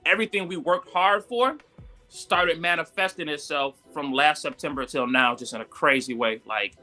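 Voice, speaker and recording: A man telling a story in casual live-stream talk, animated and full of "like" and "yo", jumping high when he quotes people. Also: moderate pace, soft background music. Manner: animated, acts out quotes with sudden high pitch jumps; frequent fillers "like" and "yo". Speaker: guest entrepreneur.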